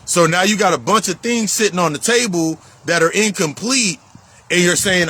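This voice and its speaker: A man's voice: high voice, normal speed, bright, forceful tone, slight background noise, rough recording. A man talking as a life coach in a casual spiritual monologue, emphatic and profane, repeating himself for stress. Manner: emphatic, profane, repetitive street talk.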